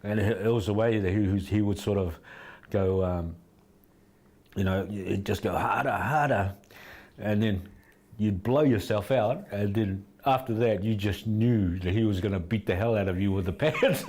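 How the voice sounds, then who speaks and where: A middle-aged New Zealand man, a fight trainer appearing as an interview guest, tells rambling anecdotes and keeps restarting them. His voice is lowish and a little mellow. The talk is casual interview storytelling.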